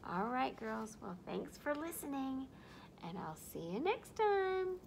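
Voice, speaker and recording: A woman reading a picture book aloud to young children, animated and drawn-out, asking her listeners questions. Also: high voice, gravelly, a little hiss or hum. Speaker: storyteller for children.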